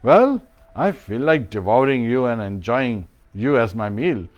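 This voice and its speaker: A man's voice: mid-range voice, sing-song, a little slow, lo-fi sound, pitched below the performer's own voice. A man voicing a hungry, greedy male tiger in a spoken parable, musing about his meal.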